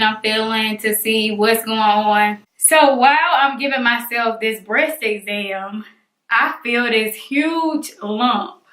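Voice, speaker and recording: Young woman vlogger, bright and slightly high, dramatic storyteller; echoey room. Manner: animated, dramatic retelling with acted-out voices. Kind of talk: storytelling vlog.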